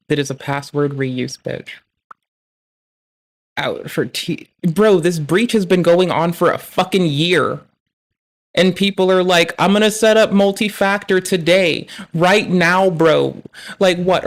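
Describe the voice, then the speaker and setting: Streamer, mid-pitched, blunt and profane, rant mode. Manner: blunt, ranting, swears constantly. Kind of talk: casual profane stream commentary.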